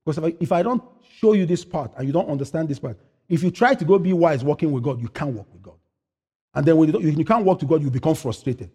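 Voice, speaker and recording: A man preaching a sermon as pastor, asking the congregation questions and answering them himself, swinging from loud, high-pitched preaching to quiet asides. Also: lively intonation, fast talker, breathy edge.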